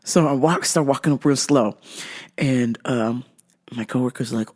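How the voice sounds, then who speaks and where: A woman's voice: rumbling low, unhurried. A woman hosting a comedy show, telling a story with lots of profanity and acting out the dialogue. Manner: profane, animated, acts out dialogue. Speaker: host.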